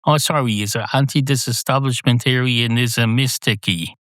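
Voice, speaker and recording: A man's voice: mid-range voice, moderate pace, a bit bright, dry recording, close to an everyday voice. A man doing a pedantic talking cat. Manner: argumentative, long-winded.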